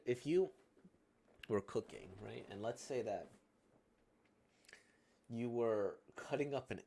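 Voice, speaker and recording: A man's voice: lowish voice, a little mellow. A man giving casual reaction commentary, rambling and hesitant, with constant tag questions. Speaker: manga reaction host.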